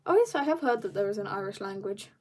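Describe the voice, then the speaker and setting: A South African woman draws on a livestream from an upstairs room at home, chatting casually with viewers and reading out and answering their comments. Her mid-range voice is fast and darkish in tone, with lively intonation.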